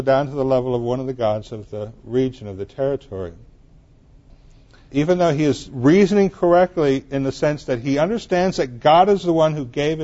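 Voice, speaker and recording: A man's voice: on the high side, dark tone. Man preaching a sermon, lo-fi. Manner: conversational preaching with anecdotes.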